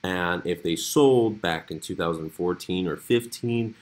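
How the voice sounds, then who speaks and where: A man hosting a cryptocurrency channel, talking casually through price charts with animated, swinging emphasis. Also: unhurried. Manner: animated, lively pitch swings. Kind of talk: casual commentary over charts.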